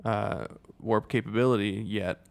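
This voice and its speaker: A man's voice: on the low side, measured pace, gravelly. A man co-hosting a podcast in casual chat, rambling with lots of fillers and jokes. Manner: rambling, filler-heavy, jokey. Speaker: podcast co-host.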